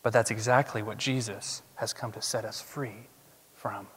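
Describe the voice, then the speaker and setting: A man preaching a sermon as pastor, emphatic, swinging from loud declarations to hushed asides. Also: on the low side, steady tone, normal speed, breathy edge. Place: church sanctuary. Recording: long reverb of a large hall.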